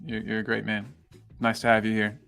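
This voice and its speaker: A man's voice: fairly low pitch, monotone, fairly quick, gravelly, fairly bright tone, faint music behind. A man co-hosting a casual live-stream podcast, easygoing with teasing banter. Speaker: podcast co-host.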